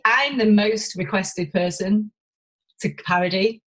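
A woman's voice: medium pitch, low-quality recording. A woman from Warrington, talking candidly as a podcast guest, swearing freely and restarting her sentences. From Warrington, England. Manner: rapid, animated, swears freely, many restarts. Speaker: podcast guest, business owner. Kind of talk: candid conversational interview.

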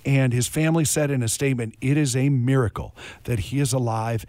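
A man hosting a morning radio show, chatting casually with quick, joking asides. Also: mid-range voice, fairly even intonation, warm tone, no echo.

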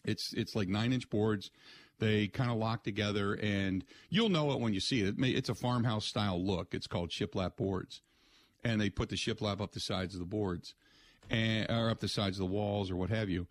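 A man's voice: fairly low pitch, moderate pace. A man hosting a sports radio show, rambling and joking through casual rants. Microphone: studio mic.

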